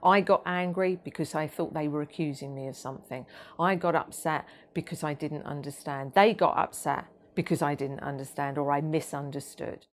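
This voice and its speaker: A woman giving a training talk about autism, measured and explanatory, with frequent ums and restarts. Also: sits low, fairly even intonation.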